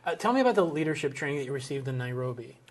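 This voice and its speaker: A man hosting an interview, speaking quickly. He asks his questions with curious enthusiasm. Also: medium pitch, expressive. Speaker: interview host.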